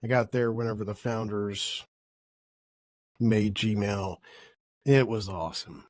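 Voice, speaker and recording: A man's voice: on the low side, steady tone, slow, a little mellow, no room sound, studio quality. Rambling jokey man telling a story. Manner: rambling, self-correcting, jokey. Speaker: podcast host. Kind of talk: casual storytelling monologue.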